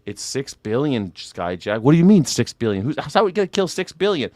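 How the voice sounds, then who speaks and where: A man's voice: mid-range voice, big pitch swings, brisk, a little mellow, no echo. A young man hosting a news reaction show, sarcastic and joking, swearing freely. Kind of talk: comedic news reaction commentary.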